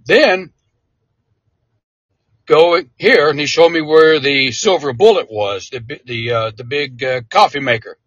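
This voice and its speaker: A man, a military veteran, telling a casual anecdote in an interview, animated and chuckling often. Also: mid-range voice, normal speed, few pauses, breathy edge, no room sound, muffled recording.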